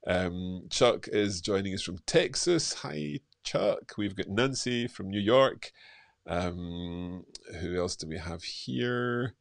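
Deep-voiced man hosting a chatty live stream. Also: takes it slowly, vocal fry, no room sound. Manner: relaxed, chatty, with frequent fillers. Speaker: host. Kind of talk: live-stream chat, reading viewer comments.

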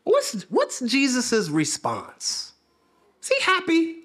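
Lively conversational preacher man. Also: very high-pitched, slow pace. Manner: conversational, asks the congregation questions; repeats phrases for emphasis. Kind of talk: sermon. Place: church.

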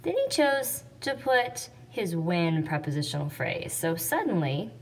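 A patient woman teacher explains step by step, slowly, with a somewhat low and lively voice. She sounds set back from the mic, with faint noise behind. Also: distant mic. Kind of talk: classroom explanation.

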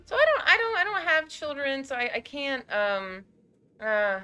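A woman's voice: sits high, sing-song, moderate pace, sharp tone, faint music behind. A young woman streaming a game live, nervous and jumpy, swearing and chatting to her viewers.

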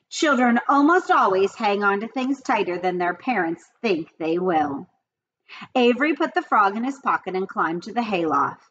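A woman reading a children's book aloud in an expressive storytelling manner. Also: mid-range voice, husky, lo-fi sound. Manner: lively, expressive reading with character voices.

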